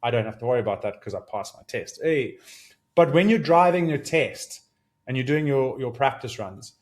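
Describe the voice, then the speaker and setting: A man's voice: medium pitch, moderate pace. Earnest man thinking aloud on a podcast. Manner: earnest, animated, rising with excitement, thinks aloud with restarts. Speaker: podcast host. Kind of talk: solo reflective podcast monologue.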